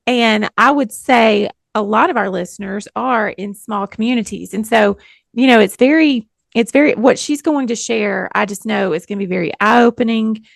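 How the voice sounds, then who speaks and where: A woman's voice: on the high side, normal speed, vocal fry, no echo, clean studio sound. A woman, co-hosting a podcast in a chatty, self-deprecating way and laughing often. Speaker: podcast co-host. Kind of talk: casual podcast chat.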